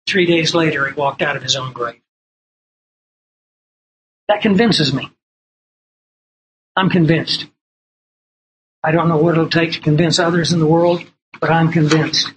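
A man's voice: high voice, a bit bright, slight background noise, poor audio. A man preaching a sermon from printed notes, earnest and emphatic, repeating key lines and telling stories.

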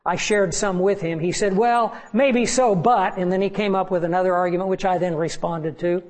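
A man's voice: high-pitched, little pitch movement, brisk, darkish tone, rough recording. A man preaching a sermon as pastor, earnest and pleading with his congregation.

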